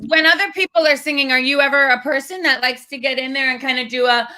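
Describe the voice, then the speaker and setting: A woman co-hosting a comedy telethon, quick with teasing retorts. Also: sits high, steady tone, pushed and bright. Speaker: co-host and singer. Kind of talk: improvised comedy banter.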